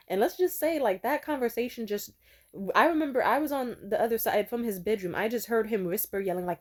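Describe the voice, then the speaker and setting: A woman's voice: a little high, animated, brisk, a little mellow. A woman in her twenties telling stories in a casual vlog monologue. She swears freely, laughs often, and trails off and restarts her sentences. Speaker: vlogger.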